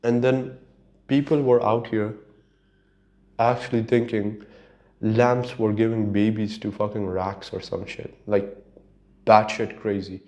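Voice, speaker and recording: A man's voice: on the low side, little pitch movement, unhurried, pauses often, darkish tone. A man hosting his own podcast, talking alone in a rambling, profane, casual way and laughing at his own stories. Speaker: podcast host. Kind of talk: casual solo monologue.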